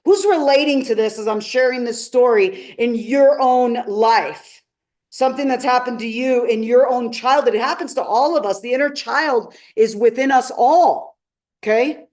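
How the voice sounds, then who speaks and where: A woman coach teaching a live seminar, emphatic and often asking her audience questions. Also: fairly high pitch. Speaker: transformational coach.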